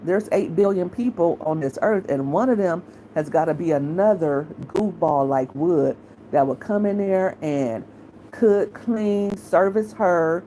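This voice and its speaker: A woman's voice: on the low side, unhurried, mellow, a little hiss or hum, rough recording. A middle-aged woman, talking bluntly and casually as she gives her opinions on her commentary channel.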